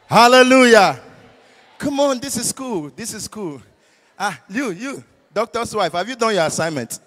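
A man with a Nigerian accent doing stand-up comedy at a church service, loud and teasing, leading call-and-response with the crowd. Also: high-pitched, animated, normal speed. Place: large church hall. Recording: echoey hall with long reverb.

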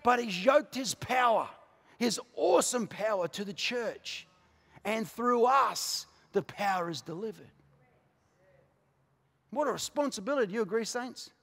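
A man with an Australian accent preaching a passionate sermon as a pastor, moving from quiet, intimate asides to shouted declarations. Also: high-pitched, lively intonation, a little slow, long pauses. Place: large church auditorium. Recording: live church recording with long hall reverb.

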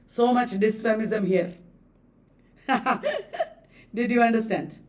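A woman's voice: on the high side, takes it slowly, far from the mic. A woman with an Indian English accent teaching a live online class, emphatic, repeating key phrases and checking that students understood.

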